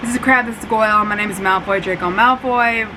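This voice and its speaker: A woman's voice: mid-range voice, fairly quick, lightly acted. A woman voicing a snarky, arrogant schoolboy wizard in a put-on British accent, with a fan humming behind her. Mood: sneering. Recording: steady fan hum behind.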